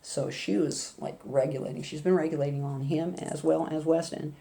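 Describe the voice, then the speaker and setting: Low, mellow older woman chatting. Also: steady tone, normal speed, creaky. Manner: rambling, chatty, with laughs and asides. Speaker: vlogger. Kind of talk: casual storytelling chat.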